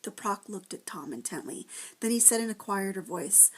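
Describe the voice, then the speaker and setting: A woman teacher reading a chapter book aloud to first graders, with gentle, expressive storytelling. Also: medium pitch, moderate pace, breathy edge.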